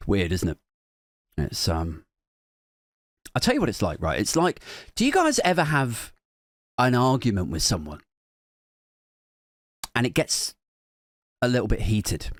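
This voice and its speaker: A man's voice: lowish voice, huge pitch swings, measured pace, pauses often, no echo. A young man hosting a podcast, telling a comic, self-mocking story in a rambling way, with lots of "like". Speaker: podcast host. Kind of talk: comic monologue.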